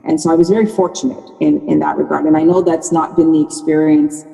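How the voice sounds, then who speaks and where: A woman's voice: sits low, steady tone, fast talker, gravelly, dark tone, long reverb tail, poor audio. A woman in her sixties, a podcast guest, telling her story candidly and often restarting her sentences. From Canada. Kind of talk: conversational podcast interview.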